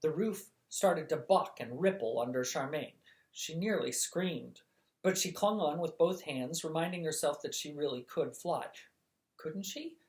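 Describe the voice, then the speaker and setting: A storyteller reading a chapter book aloud in a measured, expressive bedtime style. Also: mid-range voice.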